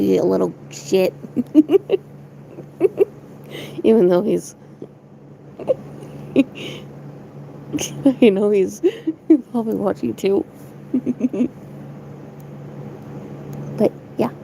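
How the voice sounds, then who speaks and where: A woman's voice: medium pitch, drawn-out words, pauses often, dark tone, a little hiss or hum, low-quality recording. A young woman streamer chatting casually to her viewers, rambling, giggly and swearing a lot. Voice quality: gravelly fry.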